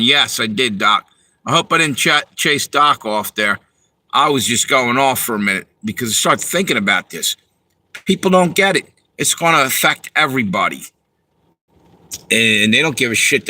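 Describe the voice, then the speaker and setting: A man's voice: mid-range voice, lively intonation, moderate pace, sharp tone, no room sound, low-quality recording. A man hosting a livestream and ranting angrily and profanely to his viewers while reading the chat. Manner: profane, heated, talks to viewers.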